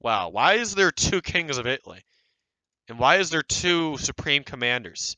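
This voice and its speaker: A young man talks through a screen recording in a rambling, sarcastic way, his voice bright and crisp. It sounds close and dry, as if he is speaking straight into a desk mic. He gets animated whenever he mocks someone. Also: fairly high pitch, moderate pace, dry recording, low-quality recording. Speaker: video creator reviewing online game groups. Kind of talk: casual screen-recorded commentary.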